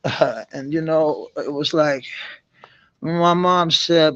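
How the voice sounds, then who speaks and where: A Danish man speaking English with a Danish accent tinged with American, chatting casually with viewers, halting and searching for words with many fillers and restarts. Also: on the high side, steady tone, a bit bright, dry recording, muffled recording. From Denmark. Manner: swears casually. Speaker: live-stream host chatting with viewers. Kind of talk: casual chat.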